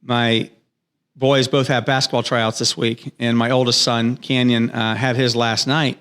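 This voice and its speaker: A man in his thirties or forties talks casually as a podcast guest. His voice sits at an ordinary middle pitch. He tells stories earnestly and enthusiastically, acting out bits of dialogue as he goes. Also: a bit bright. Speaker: podcast guest, business owner. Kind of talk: casual interview storytelling. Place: podcast studio.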